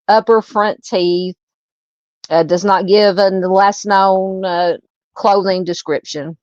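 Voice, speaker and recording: A woman's voice: mid-range voice, dry recording, dull audio. A woman hosting a true crime livestream, chatting with viewers by name and laughing at her own fumbles before reading a case. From Southern United States.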